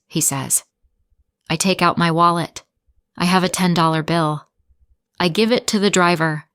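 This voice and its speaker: Slow, clear woman teaching English. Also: on the low side, no room sound, clean studio sound. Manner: slow, deliberate, carefully articulated.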